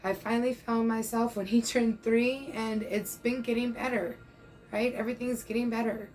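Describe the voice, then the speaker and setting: A woman's voice: a little high, fairly even intonation, moderate pace, a little mellow, soft background music, poor audio. A woman in her thirties giving a casual tarot reading, chatty and reassuring, checking in often and now and then calling the listener "bro". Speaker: tarot reader.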